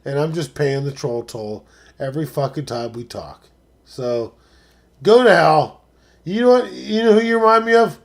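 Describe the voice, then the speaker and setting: A man hosting a live stream, talking casually and profanely, dropping to mutters and then rising to excited shouts. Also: fairly high pitch, moderate pace, creaky.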